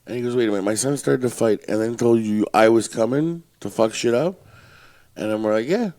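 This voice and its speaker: Man at mid pitch, ex-bouncer, swears freely, blunt storyteller on a chatty podcast. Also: a little fast, dark tone. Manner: blunt, profane, tells tough-guy stories. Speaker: podcast co-host, former bouncer. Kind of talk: casual storytelling chat.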